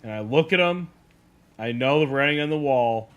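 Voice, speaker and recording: A young adult man telling a casual story, animated and peppered with "like". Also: medium pitch, normal speed. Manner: animated, heavy use of "like". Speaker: streamer.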